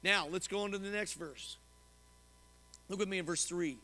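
A male pastor with a high, bright voice preaches a sermon at a moderate pace in a church sanctuary. Animated, he puts questions to the congregation, and long hall reverb fills the recording.

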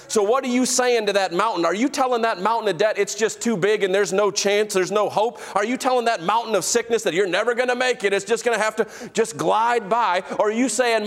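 A man preaching a sermon as pastor, emphatic, slowing down to stress key phrases and calling out to the congregation. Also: sits high. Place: church sanctuary.

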